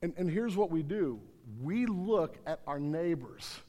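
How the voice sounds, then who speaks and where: A man preaching a sermon in a large room, earnest, often repeating words and swinging from emphatic to quiet. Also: expressive, a little slow. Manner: earnest, repeats words, rises to emphatic then drops low. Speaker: pastor. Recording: hall reverb.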